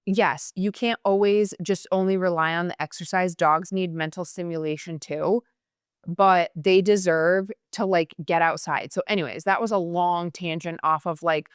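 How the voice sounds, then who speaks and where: A woman's voice: lowish voice, steady tone, clear, resonant tone, no echo, clean studio sound. A young woman hosting a podcast, chatting casually and passionately with lots of fillers. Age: young adult. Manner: chatty, passionate, fast-talking with many fillers. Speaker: podcast host. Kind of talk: casual chat.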